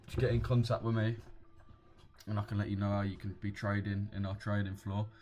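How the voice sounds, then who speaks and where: A man's voice: on the low side, monotone, fairly quick, darkish tone, slight background noise. A young British man hosting a live trading stream, chatting casually in slang and reading out viewer comments. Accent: British English. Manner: laid-back, slangy, reads out viewer comments. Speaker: trading livestream host. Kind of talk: casual livestream chat.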